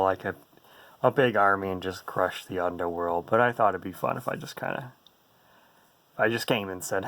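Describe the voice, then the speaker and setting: A man's voice: medium pitch, fairly bright tone, clean tone, dry recording. A man casually commenting on a card game playtest in a playful, goofy way, full of jokes and silly asides. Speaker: card game player and host.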